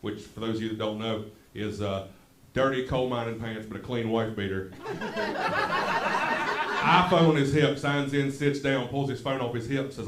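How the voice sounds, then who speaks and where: A man's voice: mid-range voice, moderate pace. A man from West Virginia with a Southern West Virginia accent doing a self-deprecating stand-up set on a comedy club stage. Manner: self-deprecating, drawling storyteller. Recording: echoey club room, audible noise.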